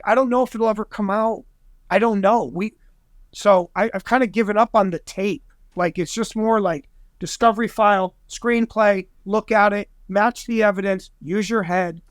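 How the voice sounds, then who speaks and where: A man guesting on a podcast, telling a story in an excitable, rambling way and acting out other people's voices. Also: sits high, moderate pace, no room sound, studio quality. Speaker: guest investigator. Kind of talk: animated storytelling in conversation.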